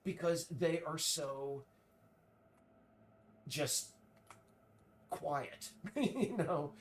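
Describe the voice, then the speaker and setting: A man streaming, chatting casually in a rambling, halting way full of restarts while he works. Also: a little high. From United States.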